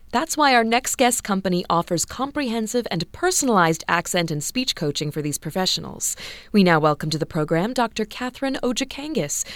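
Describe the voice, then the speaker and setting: A woman's voice: fairly low pitch, dry recording. A woman radio host reading polished introductions and asking questions in a scripted interview. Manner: polished, reads introductions smoothly.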